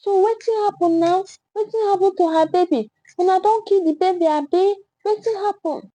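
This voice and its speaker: A woman with a Nigerian Pidgin accent voicing an angry bystander who hurls loud accusations. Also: very high-pitched, brisk, no echo, pitched above the performer's own voice, low-quality recording. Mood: accusing. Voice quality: loud, confrontational.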